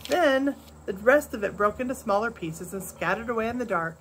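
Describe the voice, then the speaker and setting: An older woman, a grandmother, reading a storybook chapter aloud in a soft, measured way. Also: a little high, lively intonation, slight background noise.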